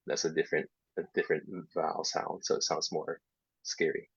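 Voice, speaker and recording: Male workshop presenter, deep and husky, casual explainer for teachers, dull lo-fi recording. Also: flat delivery, fairly quick, no room sound. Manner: explains step by step, drops into soft half-whispered asides. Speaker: English teacher trainer. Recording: dull lo-fi sound.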